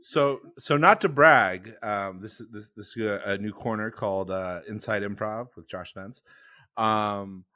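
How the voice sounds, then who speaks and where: A man co-hosting a comedy podcast, telling a rambling improv story in casual chat, often trailing off quietly. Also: fairly low pitch, a little slow, no echo, clean studio sound. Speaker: podcast co-host.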